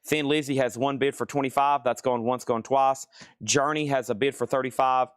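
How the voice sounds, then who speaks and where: A middle-aged man hosting a live record sale stream, listing items and calling bids in a brisk, casual patter from a record store. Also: mid-range voice, fairly even intonation, clean tone, no room sound, clean studio sound. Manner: brisk auctioneer-style listing, casual asides. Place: record store with crates and tables.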